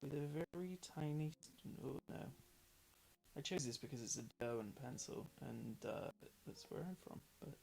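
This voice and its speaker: A man's voice: a little high, expressive, moderate pace, gravelly, darkish tone, low-quality recording. A young man from northern England chatting casually and rambling through a late-night livestream, tired and self-deprecating, with frequent ums. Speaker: livestream host painting along. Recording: background music playing under the voice. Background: guitar music.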